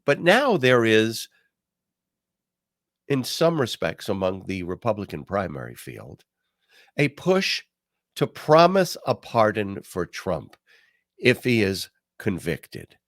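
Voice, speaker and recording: A man's voice: on the low side, fairly bright tone, dry recording, clean studio sound. An older man hosting a political commentary podcast, talking in a wry, sarcastic way with many fillers. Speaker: podcast host.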